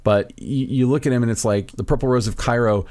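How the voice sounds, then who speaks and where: A man's voice: medium pitch, fairly quick, a little mellow, no echo. A man co-hosting a podcast, talking casually and eagerly about films, rattling off titles with a few stammered restarts. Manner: film-buff enthusiasm, lists titles, stammered restarts. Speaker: podcast co-host. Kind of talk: casual chat.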